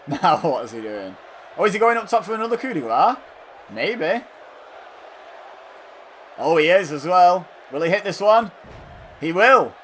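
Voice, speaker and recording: Guy commentating a wrestling game, kinda high voice, gets loud then goes dry, bit of hiss. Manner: excitable, jumps to loud exclamations then drops to dry asides. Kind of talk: casual play-by-play commentary of a wrestling video game.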